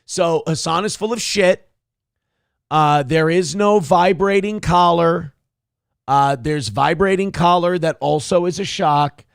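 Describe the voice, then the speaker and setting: A man's voice: on the high side, measured pace, gravelly, clean tone, no echo, clean studio sound. Foul-mouthed, mocking male show host. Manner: angry, mocking, heavy swearing. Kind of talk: profane commentary reacting to a clip.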